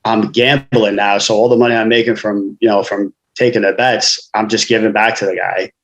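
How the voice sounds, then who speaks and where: A man's voice: fairly low pitch, little pitch movement, fairly quick, low-quality recording. A man, a guest author telling his life story frankly in casual conversation, often saying "you know".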